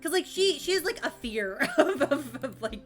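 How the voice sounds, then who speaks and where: A woman's voice: high-pitched, very animated, moderate pace, soft background music. A young woman from Florida chatting casually while streaming a game, rambling, laughing often and swearing freely.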